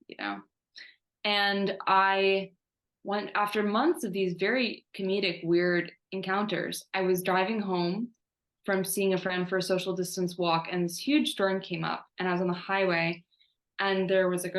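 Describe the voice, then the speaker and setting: A woman telling a personal story in an online talk, animated and self-mocking, with many "like" fillers. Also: fairly low pitch. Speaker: guest speaker. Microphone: video call. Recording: roomy echo.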